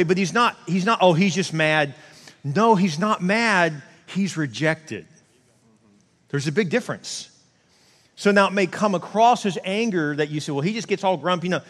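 High and slightly bright, a male pastor's voice delivers a relaxed, conversational sermon where he keeps restarting and performs quotes in little asides. The setting is a large church hall with long reverb on the recording.

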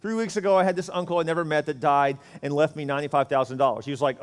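A man's voice: a little high, very fast, few pauses. A man pastor giving a conversational, joking sermon full of rhetorical questions. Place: church sanctuary. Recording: church hall reverb.

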